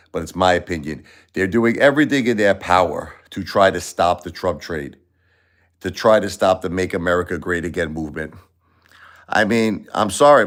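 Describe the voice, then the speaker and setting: A man hosting a casual opinion livestream, rambling and repeating himself in an animated way. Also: deep voice. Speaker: livestream host.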